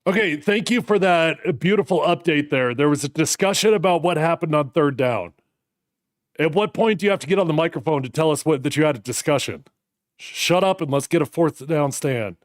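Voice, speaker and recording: A man in his thirties hosting a live watch party, reacting to a football game with animated, fired-up commentary. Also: fairly high pitch, brisk, no echo, clean studio sound. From United States.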